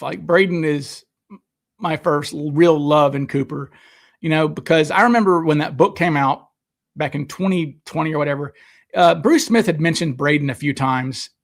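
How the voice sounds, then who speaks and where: A man hosting a live stream, chatting casually, reading out viewers' comments and answering them into a desk microphone. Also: a little high. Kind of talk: rambling live chat. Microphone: desk microphone, sometimes too close.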